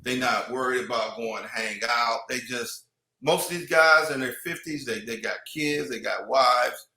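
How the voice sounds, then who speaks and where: A man's voice: medium pitch, moderate pace, pushed and bright, reverberant, low-quality recording. A man in casual podcast chat, rambling with many restarts and "you know what I mean".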